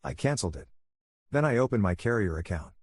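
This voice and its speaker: A man tells a long story in a calm, steady voice, low-pitched and husky. The sound is dry and close, and the delivery stays measured. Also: no echo. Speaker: narrator.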